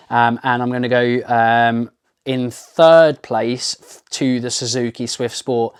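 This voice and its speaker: A man hosting a car review channel, talking to camera in a casual, enthusiastic, rambling way with lots of ums and restarts. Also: medium pitch. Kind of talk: casual unscripted talk to camera.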